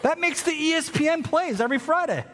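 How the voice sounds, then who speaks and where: A man's voice: very high voice, quick pace, a bit bright. A man, preaching a sermon as pastor in a conversational storytelling way. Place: large church hall. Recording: hall reverb.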